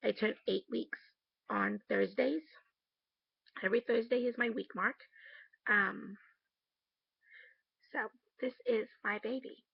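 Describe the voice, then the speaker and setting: A woman's voice: medium pitch, steady tone, slow, creaky, long pauses, husky, dry recording, lo-fi sound. A woman talking in a casual video diary at home late at night, candid and emotional, swearing casually. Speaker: vlogger.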